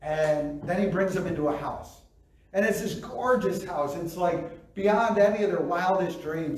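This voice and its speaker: Pastor, male, chatty preacher who acts out reactions; fairly high-pitched, recorded far off in a very reverberant hall. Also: moderate pace, a little mellow. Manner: conversational, acts out quoted reactions, frequent "right?". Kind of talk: sermon. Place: church sanctuary.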